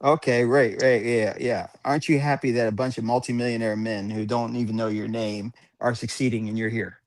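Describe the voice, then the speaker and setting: A man's voice: mid-range voice, steady tone, a little fast, dry recording. A man hosting a casual live call-in chat, joking and laughing through crude banter. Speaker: host.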